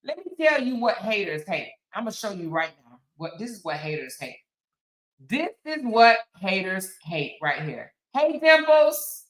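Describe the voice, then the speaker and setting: Female host, sassy and emphatic, bright voice in a roomy space. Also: medium pitch, big pitch swings, normal speed. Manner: sassy, emphatic, talks back to chat. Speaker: commentary show host. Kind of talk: casual commentary stream.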